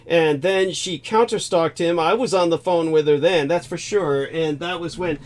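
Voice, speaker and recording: A man's voice: fairly high pitch, normal speed. A man hosting a casual call-in chat, exclaiming often and stumbling over fillers. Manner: exclamatory, hesitant, many fillers. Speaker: host. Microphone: call setup.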